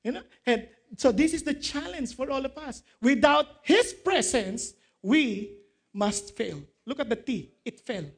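A man, a pastor, preaching a sermon in an animated way, quoting scripture, asking the congregation questions and laughing at his own jokes. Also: very high-pitched, a little slow, husky. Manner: quotes scripture, asks the audience questions.

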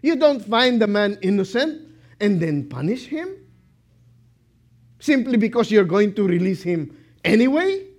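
A male preacher delivering a sermon at an unhurried, deliberate pace. His voice sits a little high for a man, and he presses each point home with rhetorical questions. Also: big pitch swings. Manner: rhetorical questions, slow and emphatic.

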